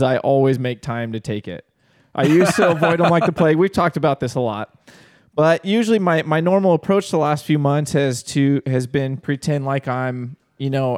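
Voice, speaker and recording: A man's voice: mid-range voice, darkish tone, no room sound, clean studio sound. A young man co-hosting a casual comedic podcast, telling stories, laughing often and saying "dude" a lot. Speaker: podcast co-host.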